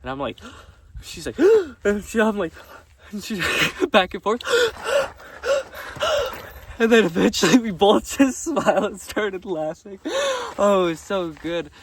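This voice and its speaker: A young man telling stories casually, laughing often and swearing freely while walking outdoors on a gravel road. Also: high-pitched, very animated, slow pace. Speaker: vlogger. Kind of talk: casual storytelling. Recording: distant mic with faint background noise.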